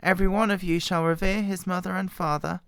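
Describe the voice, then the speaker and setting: A woman with a bad cold, hoarse and quiet, her voice wobbling as she reads scripture aloud close to the microphone. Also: steady tone, no echo. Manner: quiet, halting, voice wobbling in pitch. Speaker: Bible reader. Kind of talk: slow scripture reading.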